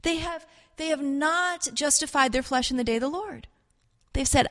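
Woman Bible teacher, earnest and halting, slightly high voice, preaching in a hall with a long echo. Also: fairly bright tone. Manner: earnest, halting, acts out voices of biblical figures. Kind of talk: informal sermon teaching.

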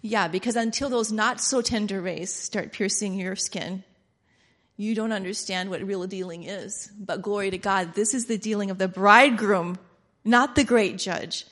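A woman preaching a sermon in an animated way, laughing often and acting out quoted lines. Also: medium pitch, moderate pace.

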